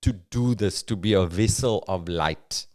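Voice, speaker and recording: Slow, low-voiced South African man. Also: a little mellow. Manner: thoughtful, halting, uses fillers. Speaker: podcast host, comedian. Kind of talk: reflective comic podcast monologue.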